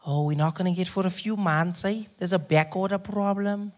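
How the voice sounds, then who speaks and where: A man voicing a cheerful, unbothered male pharmacist, slow and teasing. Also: high-pitched, pitched above the performer's own voice, lightly acted. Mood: apologetic. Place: theatre stage.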